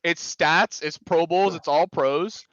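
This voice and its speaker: A man's voice: a little high, takes it slowly, a bit bright, no echo, dull audio. A man on a sports podcast, insistent and argumentative in a debate. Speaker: podcast panelist.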